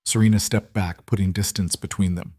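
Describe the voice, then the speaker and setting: A man narrating a romantic drama story in a measured, dramatic scripted reading. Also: low voice, fairly even intonation, a little mellow, no echo, clean studio sound.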